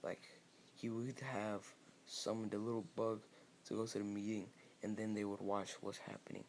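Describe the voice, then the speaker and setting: A man's voice: on the low side, level tone, moderate pace, darkish tone, a little hiss or hum. A man casually improvising a fan-fiction story, rambling with restarts and fillers.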